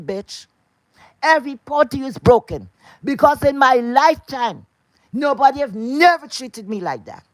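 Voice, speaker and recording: A woman's voice: fairly high pitch, dry recording. A woman delivering an angry, profane, confrontational rant to camera.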